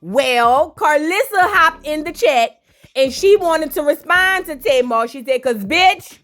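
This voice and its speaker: A woman hosting a gossip reaction show, brash and animated, full of slang and cursing. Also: high voice, unhurried.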